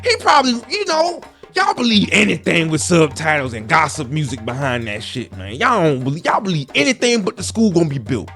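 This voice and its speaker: A man voicing a zealous, preachy male conspiracy-minded defender who rants in a sing-song way with sudden shouted bursts. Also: on the high side, very animated, brisk, few pauses, soft background music. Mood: defiant. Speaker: comedic character.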